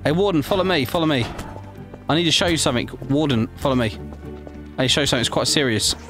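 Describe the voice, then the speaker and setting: A man's voice: a little high, very fast, over music. A man with an English accent, a gaming YouTuber joking and roleplaying through a prison game with cheeky banter. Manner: cheeky, joking, calls people mate and son. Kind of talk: playful gameplay commentary and roleplay chat.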